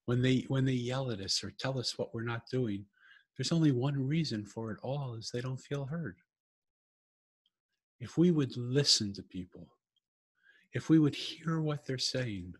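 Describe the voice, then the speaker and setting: A man who is an author and podcast guest, speaking in an earnest, measured, inspirational way. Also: mid-range voice, slightly rough. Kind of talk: reflective conversational talk.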